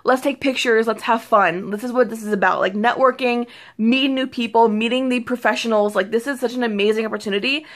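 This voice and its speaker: Excitable young woman vlogger, a bit high. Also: brisk, few pauses. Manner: excitable, rambling, with many fillers and restarts. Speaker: beauty vlogger. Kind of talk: casual chat to camera. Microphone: phone or camera mic.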